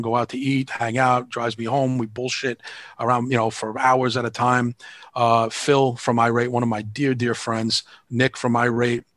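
A man's voice: medium pitch, fairly bright tone, dry recording. A man, telling stories in a casual interview in a rambling, frank and profane way, acting out the people he quotes. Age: 50s. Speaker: band manager and promoter.

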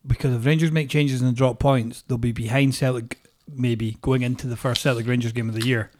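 A man's voice: medium pitch, fairly even intonation, brisk, darkish tone. A Scottish man co-hosting a casual football podcast, blunt and sweary, full of banter. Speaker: podcast co-host.

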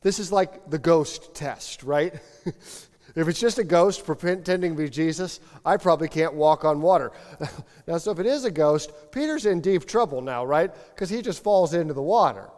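Guy pastor preaching, kinda high voice, chatty and animated, big echoey church hall. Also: normal speed. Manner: conversational, animated, acts out biblical dialogue. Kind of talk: sermon. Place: church sanctuary.

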